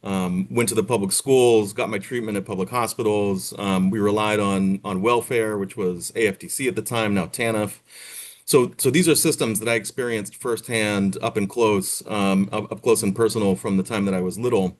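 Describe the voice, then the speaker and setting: Articulate low-voiced man from Boston. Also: fairly even intonation. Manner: articulate, measured, lightly wry. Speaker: nonprofit leader, guest. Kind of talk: radio interview. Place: radio studio.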